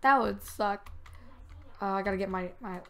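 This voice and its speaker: A woman giving casual, rambling commentary while playing a video game, now and then breaking into excited yells. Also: mid-range voice, normal speed. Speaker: gamer.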